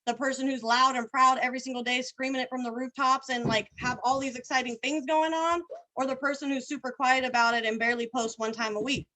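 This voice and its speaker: A woman on a video call talking fast and excitedly, full of slang and energy. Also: high voice, low-quality recording. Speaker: team leader guest. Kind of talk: casual video call chat.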